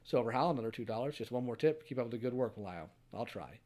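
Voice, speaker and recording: A young man hosts a livestream, reading viewers' donation messages one after another. His voice sits in an ordinary middle range, and he answers each message with a quick, dry one-liner. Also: medium pitch, lively intonation, mellow. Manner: reads messages aloud, answers with short dry quips. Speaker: streamer host.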